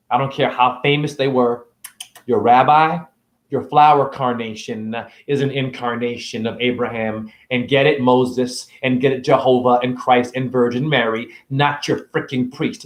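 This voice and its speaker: A man giving a provocative, preachy spiritual rant on his own vlog, swinging between loud outbursts and soft asides. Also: medium pitch. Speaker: self-styled spiritual teacher. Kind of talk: ranting vlog monologue. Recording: roomy echo.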